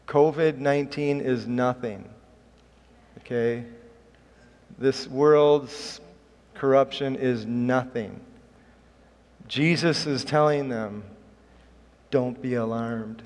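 In a reverberant hall, a middle-aged male pastor preaches earnestly and emphatically, pushing his voice up on key points. His voice is mid-range and a little mellow.

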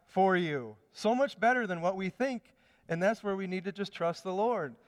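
Man preaching with a smooth, ringing voice. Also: high voice, normal speed. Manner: conversational storytelling with hesitations. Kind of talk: sermon. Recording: long hall reverb.

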